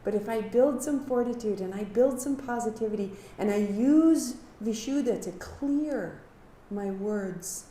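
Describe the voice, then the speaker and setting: A woman teaching a live kundalini yoga class, giving calm movement cues and sharing earnest reflections. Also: a little high, a little slow, a little hiss or hum. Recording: echoey room.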